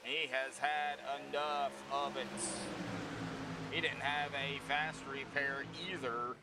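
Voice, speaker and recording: A man's voice: mid-range voice, level tone, slow pace, noisy background. A man giving casual, folksy sim racing commentary. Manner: casual, folksy, breaks into laughter. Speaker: race commentator.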